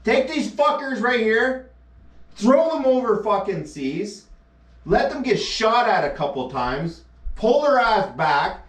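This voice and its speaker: Male streamer, scornful profane rant, voice a bit high, picked up distant in a roomy space. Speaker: live streamer. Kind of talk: angry rant reacting to a news clip. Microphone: action camera mic. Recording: echoey, distant from the mic.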